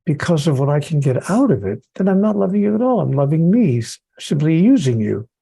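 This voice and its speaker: A man's voice: a little high, sing-song, brisk, gravelly, dark tone, husky, no echo, poor audio. A man who is an author and podcast guest, speaking earnestly about spirituality and building his points through repetition.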